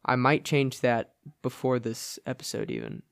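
A man's voice: mid-range voice, normal speed, creaky, clear, resonant tone. A young man co-hosting a podcast, chatting casually in a rambling way, with lots of fillers and frequent laughs. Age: young adult. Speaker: podcast co-host. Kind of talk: casual chat.

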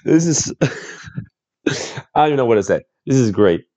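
A man's voice: medium pitch, lively intonation, moderate pace, warm tone. A man hosting a reaction video, chatting casually, often laughing and repeating exclamations.

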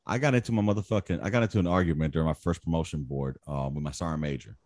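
A man in his thirties, an army veteran, telling war stories in casual chat, profane, animated and boastful. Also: extremely low pitch, racing, dry recording, clean studio sound.

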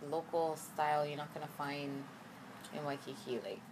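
Low-voiced woman, relaxed car chat. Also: normal speed, slight background noise, rough recording. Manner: relaxed, many filler likes. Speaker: guest, host's wife. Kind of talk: casual chat.

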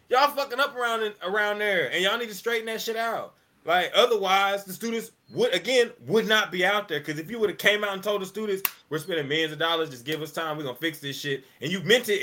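Casting note: fired-up male podcaster, high bright voice, swears freely, hammers points by repeating. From American South. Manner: profane, emphatic, repeats himself. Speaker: podcast co-host. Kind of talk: heated casual podcast rant.

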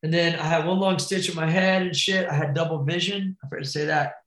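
A man's voice: a little high, fairly even intonation, fast talker, a bit bright, reverberant, poor audio. A man telling a wild crash story in casual, profane slang, calling the listener bro and dude. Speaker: podcast guest, BMX rider.

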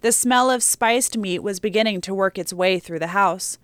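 A woman reading a story aloud as an audiobook narrator, steady and measured, on a close mic. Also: medium pitch, clean tone, no room sound.

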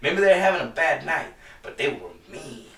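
Casual podcast guy, bright forceful voice, swears a lot, rambles, set back from the mic. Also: on the high side, lively intonation, fairly quick, gravelly, echoey room, far from the mic. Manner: rambling, profane storytelling with lots of "dude". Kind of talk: casual chat.

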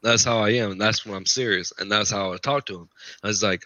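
A man's voice: on the low side, steady tone, fast talker, sharp tone, dry recording. A man telling his paranormal investigation stories in a casual, rambling way, often repeating himself. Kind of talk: casual podcast storytelling. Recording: dull lo-fi podcast audio.

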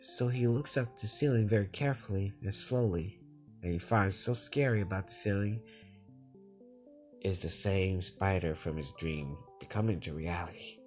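A man's voice: low voice, darkish tone, soft background music. Man reading a story aloud. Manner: plain, halting narration with slips.

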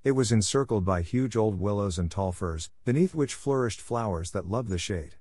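A man's voice: lowish voice, husky, dry recording. A man narrating a classic novel steadily for English learners. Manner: steady, measured reading. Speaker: audiobook narrator.

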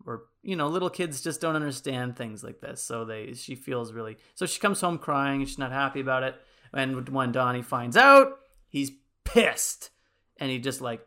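A man with a bright, smooth, resonant voice talks through a movie pitch in a loose, rambling way. He keeps the tone casual and fills his sentences with likes and ums as he thinks aloud. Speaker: podcast co-host pitching a movie sequel. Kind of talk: casual chat.

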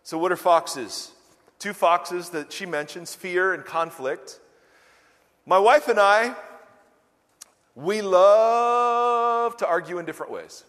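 A man's voice: high voice, slow pace, pauses often. A middle-aged male pastor preaching a sermon, telling self-deprecating stories and acting out quotes. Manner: animated, self-deprecating storytelling with acted quotes. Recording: long hall reverb.

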